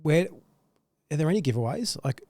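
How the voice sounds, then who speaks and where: An interview host asking relaxed, curious questions in a slangy, casual way. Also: mid-range voice, brisk, dry recording.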